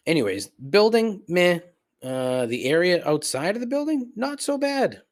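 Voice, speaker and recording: A man's voice: sits high, vocal fry. Profane, sardonic man ranting. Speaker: podcast host. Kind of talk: casual rant.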